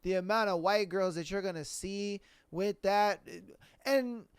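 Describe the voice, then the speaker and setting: A man's voice: sits high, measured pace, smooth, dry recording. A man hosting a podcast alone, ranting bluntly in casual slang with plenty of swearing. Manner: blunt, profane, animated, with slang. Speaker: podcast host. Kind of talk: casual solo rant.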